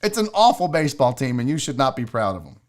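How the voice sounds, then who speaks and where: A man's voice: medium pitch, big pitch swings, fast talker. A man hosting a live sports show, ranting casually and profanely while reading viewers' chat.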